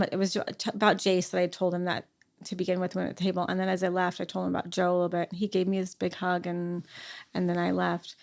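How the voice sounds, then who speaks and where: A middle-aged woman, a podcast guest, talking through a personal story in a halting way, full of fillers and restarts. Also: lowish voice. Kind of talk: conversational interview.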